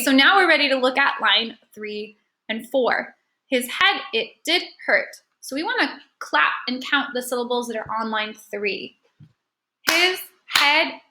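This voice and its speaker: Bright, upbeat woman teaching children. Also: a little high, low-quality recording. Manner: encouraging, checks in with students; counts and claps out syllables. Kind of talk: online lesson for children.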